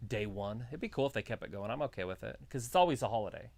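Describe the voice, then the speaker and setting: A woman co-hosts a casual live watch-along in a very deep, low voice. Her pitch still rises and falls a lot as she cracks loose jokes about what's on screen. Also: expressive, fast talker, a little mellow. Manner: loose, jokey commentary on the show. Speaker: co-host.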